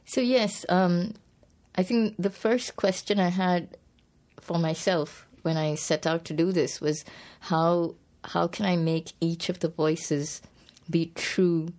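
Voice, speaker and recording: Low-voiced woman, hesitant and thoughtful. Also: steady tone, slow pace, a little mellow. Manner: hesitant, many restarts and fillers, laughs easily. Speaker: poet and author, interview guest. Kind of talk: thoughtful conversational interview.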